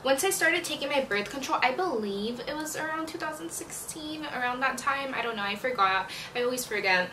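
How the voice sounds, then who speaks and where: A woman's voice: sits high, expressive, brisk, hardly any pauses, pushed and bright, distant mic, slight background noise. A young woman vlogging in a frank, chatty way, swearing and filling her talk with "like", recorded in an echoey room a bit away from the mic. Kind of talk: casual confessional chat.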